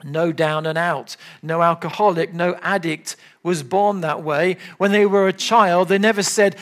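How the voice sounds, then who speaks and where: An older man preaching a sermon, earnest and emphatic, at times dropping to soft, low appeals. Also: measured pace.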